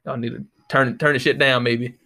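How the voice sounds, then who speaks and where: A man's voice: mid-range voice, little pitch movement, moderate pace, gravelly, sharp tone. A man hosting a podcast, ranting casually in a profane, exasperated way, close to the microphone. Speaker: podcast host.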